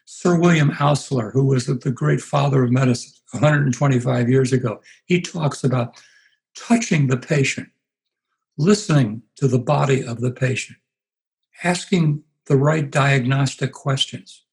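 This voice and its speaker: A man in his eighties, a pastor being interviewed, telling stories in an unhurried, reflective way. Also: medium pitch, vocal fry, rough recording. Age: 80s. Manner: unhurried, anecdotal, puts on voices for quoted people. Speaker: guest, pastor.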